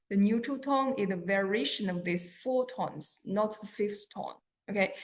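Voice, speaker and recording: A woman teaching beginners, speaking slowly and patiently and repeating each sound for drill. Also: fairly high pitch. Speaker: Chinese teacher. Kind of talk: beginner language lesson.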